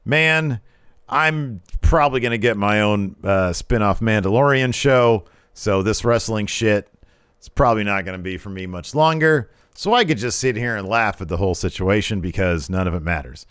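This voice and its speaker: A man's voice: on the low side, normal speed, fairly bright tone, clear, resonant tone, no echo, clean studio sound, close to an everyday voice. A man doing an exaggerated impression of a cocky, exasperated woman wrestler. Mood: smug. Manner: incredulous, exaggerated.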